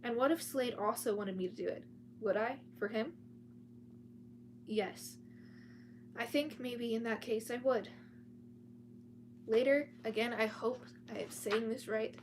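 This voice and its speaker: A woman reads a serial thriller aloud in a casual storytime way. Her voice sits a little high and she trips over words and restarts often. She talks from home with her cats around. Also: slight background noise. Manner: reads with frequent restarts and chatty asides.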